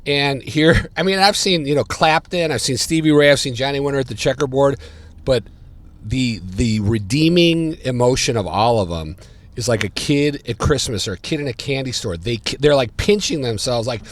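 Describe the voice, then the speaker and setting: A man, a podcast guest telling stories in casual chat, getting louder and higher as he relives them. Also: normal speed, no echo. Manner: animated, gets louder and higher when retelling. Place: diner.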